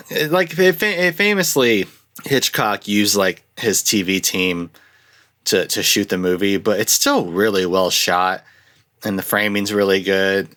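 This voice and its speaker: A young man hosting a casual film review, rambling and restarting often, with lively jumps into quoted lines. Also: lowish voice. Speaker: podcast host reviewing films. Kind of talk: casual chat.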